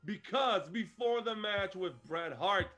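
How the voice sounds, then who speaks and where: A man co-hosting a podcast who retells a show in animated, casual chat and laughs often. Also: high voice, a little slow, faint music behind. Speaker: podcast co-host.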